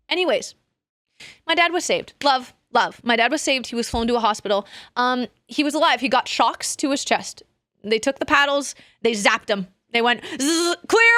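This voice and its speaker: High-pitched rambling young woman streamer. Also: no echo, clean studio sound. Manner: rambling, animated, self-interrupting with laughs. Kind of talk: casual chat.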